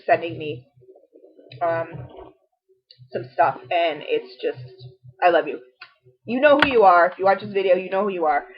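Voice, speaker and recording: A middle-aged woman gushing through a casual product review to camera, chatty and full of asides. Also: on the high side. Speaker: beauty and home product vlogger. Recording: dull lo-fi home video audio.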